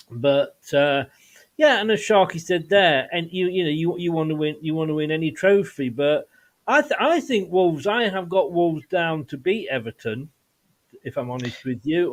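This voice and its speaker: Chatty, rambling football host. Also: male voice, on the high side. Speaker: fan channel host. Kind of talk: casual football podcast chat.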